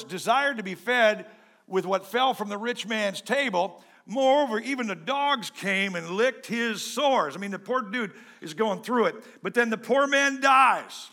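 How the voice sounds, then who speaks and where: A pastor preaching a sermon in a joking, conversational way, swinging between loud and soft. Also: male voice, sits high.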